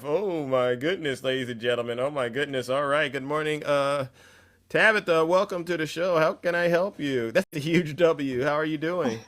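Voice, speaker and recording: A man hosting a live call-in talk show, swinging between loud mockery and a hushed, sober tone. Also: fairly high pitch, normal speed. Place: Bay Area.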